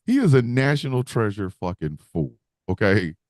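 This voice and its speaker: A man co-hosting a casual comedy podcast chat, profane and laughing, breaking into high mocking impressions. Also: very animated, moderate pace, no echo, studio quality. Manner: profane, laughing, mimics others in high shouts. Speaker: podcast co-host.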